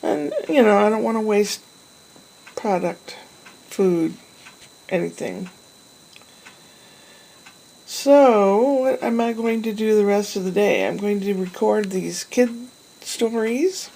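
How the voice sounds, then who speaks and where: A woman vlogger talks to her camera in a chatty, wandering monologue, laughing and sometimes talking to herself. Her medium-pitched voice is slow, creaky and mellow with frequent pauses, on a low-quality recording.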